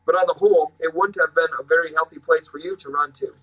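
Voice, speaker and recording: A brisk, kindly old great-uncle from a storybook, clipped and fond in his speech, as a man reading aloud puts him on. The voice is bright, with a sharp edge. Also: fairly high pitch, fairly even intonation, rough recording.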